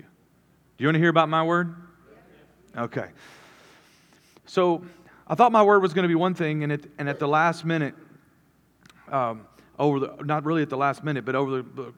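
A man preaching a sermon as a pastor, talking earnestly and rambling through restarts. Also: a little high. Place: church auditorium. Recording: long hall reverb.

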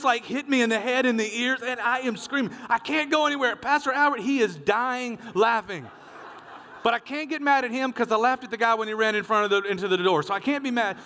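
High-voiced animated preacher man. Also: in a large hall. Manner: animated storyteller, acts out dialogue. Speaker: pastor. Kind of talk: sermon with storytelling.

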